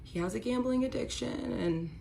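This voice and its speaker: A woman's voice: fairly high pitch, normal speed, vocal fry, mellow, slight background noise. A woman recounting a painful personal story in a confessional way, emotional and at times near tears. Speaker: storyteller in a played clip.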